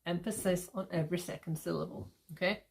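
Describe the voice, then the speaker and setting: Teacher, woman, slightly low voice; casual lesson delivery, drags out words to stress the beat. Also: steady tone, gravelly, slightly rough. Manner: slow, exaggerated stress when demonstrating rhythm; frequent checking "okay?". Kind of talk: recorded lesson to students.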